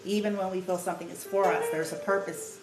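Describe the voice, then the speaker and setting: Speaking fast in a lowish, fairly even voice, a woman reads tarot in a relaxed, talkative spiritual session. She laughs a lot and curses casually, and the recording comes from an echoey home room where music plays.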